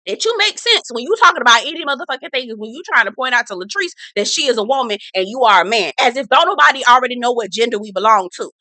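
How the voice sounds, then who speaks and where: A woman's voice: a little high, bright, forceful tone, dry recording. A woman hosting a casual reality TV recap, talking in a blunt, sassy, profane way.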